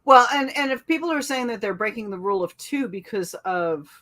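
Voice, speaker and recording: Emphatic woman co-host, medium pitch. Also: expressive, brisk, a bit bright, slight background noise. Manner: emphatic, repeats points for stress. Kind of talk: casual fan discussion.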